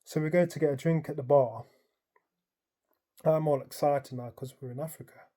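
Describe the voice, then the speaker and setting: A man tells his dream in a loose, rambling way, leaning on "like" and "um" as he goes. His voice is mellow and soft-edged, and he tells it in an easy, casual way. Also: on the high side, moderate pace. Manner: rambling, animated retelling full of "like" and "um"; colloquial, storytelling present tense. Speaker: dream vlogger. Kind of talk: casual storytelling.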